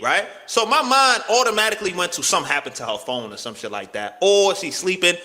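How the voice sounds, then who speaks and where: A man tells a rambling personal story in loose slang, acting out what people said with sudden jumps in his voice. His voice sits high and sounds bright and sharp. It carries a long reverb tail, as if recorded in a big hall. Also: fast talker, hardly any pauses. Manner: animated, slangy, swings pitch widely, acts out quotes. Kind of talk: casual storytelling rant.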